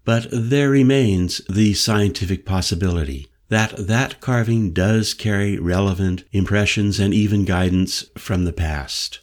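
A man reading an audiobook voices an old male mystic elder with a low, penetrating voice who lectures solemnly and insistently. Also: darkish tone, natural voice. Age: older. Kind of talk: audiobook character voice.

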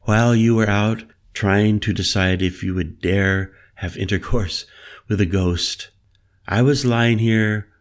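Man voicing a soft, playful woman shaman. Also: on the low side, fairly even intonation, slow pace. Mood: musing. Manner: soft, playful, a little mystical. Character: mysterious, teasing woman shaman.

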